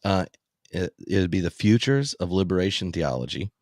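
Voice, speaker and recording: A man hosting a casual podcast conversation, spinning animated anecdotes about friends and family. His voice sits on the low side and the recording is close and dry, with no room sound. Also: moderate pace, no room sound. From US South. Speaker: podcast host. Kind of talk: casual chat.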